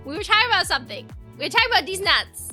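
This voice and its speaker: Young woman streamer, high voice, bright tone, rambling casual chat. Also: big pitch swings, very fast, soft background music. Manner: chatty, rambling, reacts to chat with squeals and laughs.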